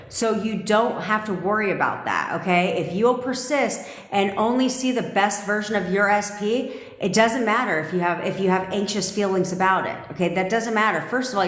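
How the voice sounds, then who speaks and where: Blunt, intense woman coach in an echoey room. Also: medium pitch. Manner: repeats points, answers viewer comments. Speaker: manifestation coach. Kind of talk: live-stream coaching talk. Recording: echoey room with long reverb.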